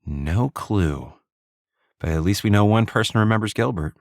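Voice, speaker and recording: A man's voice: lowish voice, animated, normal speed, dry recording, clean studio sound, pitched above the performer's own voice. A male narrator voicing a tough, blunt female ex-Army soldier, wry and direct.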